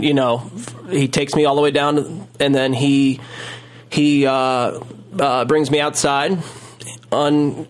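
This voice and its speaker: A man telling a long story in casual chat, rambling with many fillers and restarts. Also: mid-range voice. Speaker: storyteller guest.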